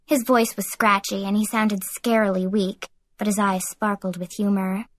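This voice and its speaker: A woman narrating a young adult audiobook in the first person, in a lively teen-girl voice. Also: medium pitch, moderate pace, a little hiss or hum.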